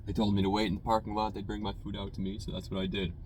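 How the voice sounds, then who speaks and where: A young man with a fairly low voice, recounting a story in a loose, rambling way. He keeps slipping in casual fillers as he goes. He is sitting in a car, and a faint hum of noise runs underneath. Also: flat delivery, rapid-fire. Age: young adult. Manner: rambling, conversational, full of "you know" and "man". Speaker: food reviewer telling a story.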